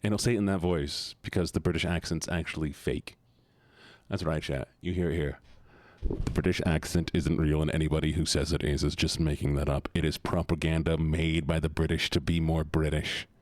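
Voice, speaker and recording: A man's voice: very deep voice, little pitch movement, brisk, no room sound. A young man live-streaming, joking with his chat in a casual, profane way.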